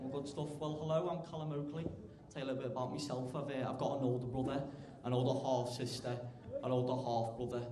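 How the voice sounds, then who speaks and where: A teenage man doing a stand-up comedy routine, chatty, tagging lines with "right?" and getting loud when acting out scenes. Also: mid-range voice, level tone, fast talker, few pauses. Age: teens. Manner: chatty, keeps asking "right?", bursts loud for acted bits. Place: large comedy club stage. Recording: echoey live club room.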